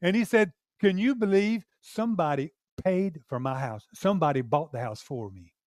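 A man's voice: on the high side, normal speed, no echo. An older man preaching a sermon, telling a personal testimony and acting out the dialogue in his story. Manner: animated storyteller, acts out dialogue. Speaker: pastor.

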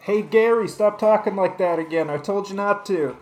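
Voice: mid-range voice, moderate pace, lightly acted, rough recording. A performer playing a pizza shop manager who scolds and teases a worker. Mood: mocking. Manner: teasing, scolding. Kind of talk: improv comedy sketch.

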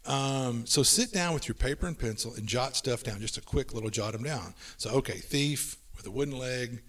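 Man, podcast host, casual chat, brisk tips, slightly distant mic. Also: mid-range voice, a bit bright. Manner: brisk, runs through lists of tips. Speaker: podcast host giving tabletop game advice.

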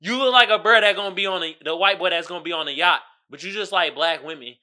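A young adult man hosting a podcast, casually ranting about a movie in an animated, exasperated, slangy way. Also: high voice, fast talker. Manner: animated, exasperated, slangy with mocking put-on quotes. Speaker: podcast host reviewing a movie. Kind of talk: casual rant.

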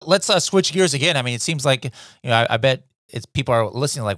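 A man's voice: mid-range voice, animated, fast, fairly bright tone, no echo, clean studio sound. A man hosting a podcast, asking questions in a casual, conversational way with many filler words. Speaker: podcast host.

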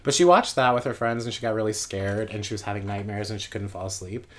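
A man's voice: lowish voice, fast. A man in his late twenties casually telling a personal story, rambling with lots of asides. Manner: rambling, full of fillers and asides. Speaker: guest storyteller.

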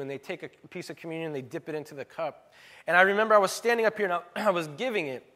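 A man's voice: high-pitched, rapid-fire, bright, forceful tone. A man preaching a sermon, telling stories in an earnest, emotional way. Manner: emotional, earnest storytelling with laughs. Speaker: pastor.

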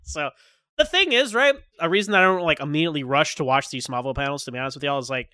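A man's voice: a little high, no room sound, studio quality. A man hosting a podcast, chatting casually and laughing often. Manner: animated, fast, laughs often. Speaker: podcast host. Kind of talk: casual chat.

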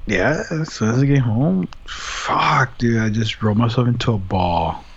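A young man casually telling a story in profane, animated language, acting out what he said back then. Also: medium pitch, measured pace, vocal fry, breathy edge. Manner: profane, animated retelling with quoted asides. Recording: dull lo-fi audio.

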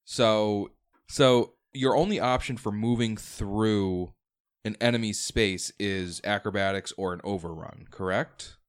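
Game master guy, lowish voice, talks through the rules out loud. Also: unhurried, clean tone. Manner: explains rules step by step, thinks aloud. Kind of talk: running a tabletop game.

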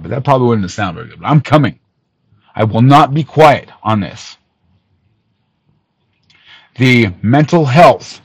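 Guy with missing teeth ranting angry on his podcast, swearing, loud then mumbly, dry close mic. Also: slightly rough, dry recording, low-quality recording. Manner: profane, heated, swings from shouting to low muttering. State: missing teeth, awaiting dental work. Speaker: podcast host. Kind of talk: angry callout rant.

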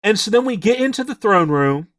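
A man with a notably high speaking voice chats through a recap of his tabletop game as a podcast co-host. He keeps it casual and animated, dropping into the characters' lines in quick asides. The sound is dry and close, with no room around it. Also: no echo.

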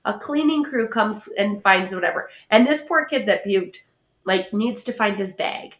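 A woman co-hosting a podcast in casual chat, an animated storyteller who laughs often. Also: mid-range voice, moderate pace. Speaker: podcast co-host. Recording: roomy echo.

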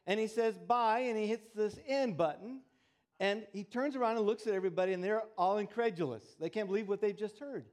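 A man's voice: sits high, a little fast, a little mellow. A man preaching a sermon, telling stories in a folksy, conversational way. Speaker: pastor. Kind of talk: sermon with storytelling.

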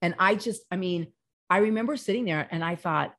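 A woman pastor talking as a podcast guest, lively and full of restarts as she tells stories. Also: fairly low pitch, brisk. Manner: animated storyteller, many restarts and quoted dialogue. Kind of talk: casual chat. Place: Los Angeles.

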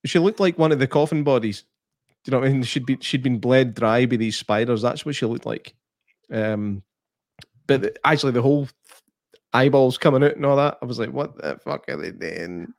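A young man trades deadpan jokes in casual conversation, swearing freely. His voice is mid-pitched, and the recording is close and dry with no room echo. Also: brisk. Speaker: podcast co-host. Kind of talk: casual chat.

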